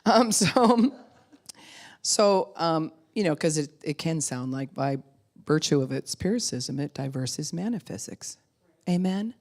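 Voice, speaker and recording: A middle-aged woman pastor preaches with a low, deep voice. She talks casually and animatedly, acting out little quotes and breaking into laughter as she goes. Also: lively intonation, unhurried, a little mellow. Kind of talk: sermon.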